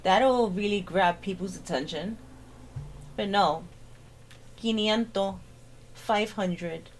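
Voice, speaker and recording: A woman's voice: mid-range voice, takes it slowly, slight background noise. A woman hosting a reaction commentary, sarcastic and exasperated as she picks apart a clip. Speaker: commentary host.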